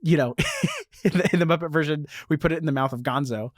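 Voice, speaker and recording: A man's voice: fairly high pitch, quick pace, dry recording, studio quality. A man hosting a casual podcast, enthusiastic and reading book passages aloud. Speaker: podcast host.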